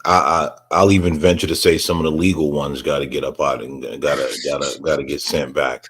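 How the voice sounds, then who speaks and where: A man speaking on a livestream panel in a halting way, restarting often. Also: rumbling low, level tone, breathy edge. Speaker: panel guest. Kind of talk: casual panel chat.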